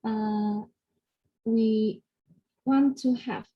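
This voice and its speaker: Brief: female language student, hesitant, slow, husky, dull lo-fi recording. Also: on the high side, fairly even intonation, background noise. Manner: hesitant, many fillers. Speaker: English learner. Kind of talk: spoken exam practice answer. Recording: dull lo-fi audio.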